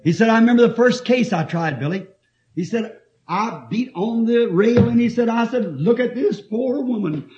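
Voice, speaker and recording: A man's voice: very high voice, brisk, darkish tone. A man preaching a sermon, reading scripture and telling stories in an emphatic way, often laughing. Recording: dull lo-fi old tape.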